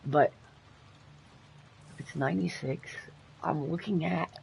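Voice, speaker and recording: A Canadian woman streaming a game live, chatting casually, swearing freely and breaking into loud playful outbursts. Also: low voice, slow pace, gravelly, a little hiss or hum, poor audio. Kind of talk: casual live-stream chat while gaming.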